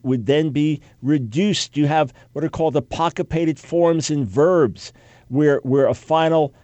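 A man's voice: fairly high pitch, a little mellow, dry recording. A man with a PhD in Semitic languages explaining how Hebrew names and words changed, talking emphatically and mocking opposing claims. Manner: emphatic, quick asides with mocking quoted objections. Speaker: Bible scholar. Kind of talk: lecture-style talk.

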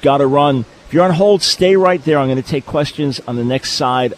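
A man hosting a live call-in radio show, talking in an energetic, emphatic, preacherly way. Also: on the high side, normal speed, hardly any pauses, soft background music. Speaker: radio talk show host. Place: hotel convention venue.

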